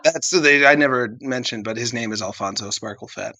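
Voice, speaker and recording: A man's voice: mid-range voice, a little fast, sharp tone, dry recording. A man co-hosting a comedy podcast, rambling through an improvised story, acting out characters in exaggerated voices and laughing at his own jokes. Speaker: podcast co-host.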